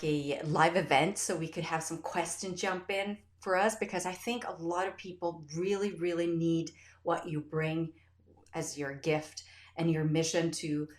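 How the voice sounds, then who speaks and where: A woman podcast host chatting in an interview, effusive and telling stories with animated quoted voices. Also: low voice, echoey room. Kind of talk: casual interview chat.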